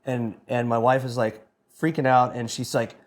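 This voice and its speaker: Excitable rambling man telling a story. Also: medium pitch, moderate pace. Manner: excitable, rambling, swears freely. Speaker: guest band member. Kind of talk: casual anecdote telling.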